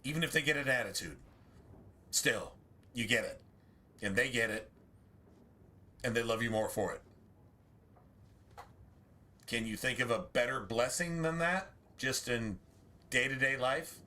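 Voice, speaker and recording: A man's voice: mid-range voice, measured pace, long pauses, sharp tone. A man streaming a video game, chatting casually in a rambling way, full of restarts and asides. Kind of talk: casual chat while streaming gameplay.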